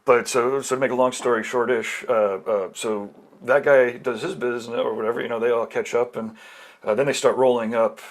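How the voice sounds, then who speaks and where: A man's voice: medium pitch, fairly even intonation, brisk. A man, a podcast guest, telling a long rambling story over a call, full of fillers and restarts. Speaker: podcast guest, tattoo collector. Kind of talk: casual storytelling.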